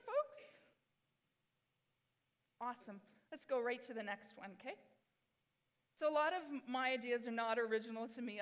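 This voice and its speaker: A woman in her forties giving a sermon as pastor, chatty and self-deprecating, with bursts of enthusiasm. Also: a little high. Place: church sanctuary. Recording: long hall reverb in a church.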